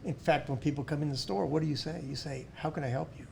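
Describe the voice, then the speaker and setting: Gravelly man, earnest. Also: on the high side, fast talker, a little mellow, slight background noise. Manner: earnest, repeats words as he restarts. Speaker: guest, pharmacy owner and school board member. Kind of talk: casual interview chat.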